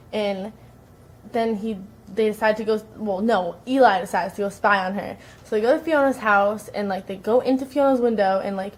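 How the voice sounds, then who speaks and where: A woman's voice: mid-range voice, rough recording. A woman from California giving a chatty, casual recap of a TV episode, leaning on "like" as she retells the dialogue. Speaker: vlogger.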